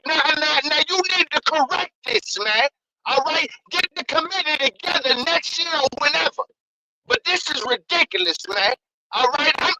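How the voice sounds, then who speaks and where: A man's voice: very high-pitched, sharp tone, a little hiss or hum, low-quality recording. A man calling in to a show, ranting in a heated, profane, slang-filled way and repeating himself. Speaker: caller. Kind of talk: fired-up call-in rant.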